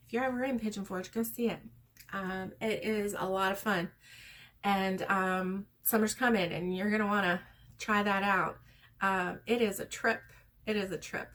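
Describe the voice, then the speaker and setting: A middle-aged woman talks straight to her viewers as a crochet vlogger, her voice sitting at an ordinary middle pitch. She rambles in a warm-hearted, sincere way, often pausing with ums and you-knows. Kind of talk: casual chat to viewers.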